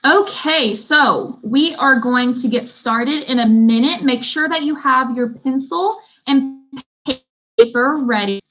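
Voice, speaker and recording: Brief: young woman, beauty school instructor on a live stream, friendly and chatty, a bit high-pitched. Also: slow pace, fairly bright tone, faint music behind, low-quality recording. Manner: chatty, reads out viewer comments. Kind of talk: casual live-stream class.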